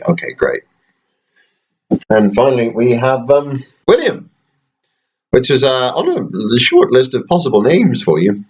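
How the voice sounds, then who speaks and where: A man in his thirties, a father chatting at home in a rambling, gently joking bedtime talk to his baby, with dry asides. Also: lowish voice, highs cut off. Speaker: father recording a bedtime video. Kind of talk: casual bedtime chat to a baby.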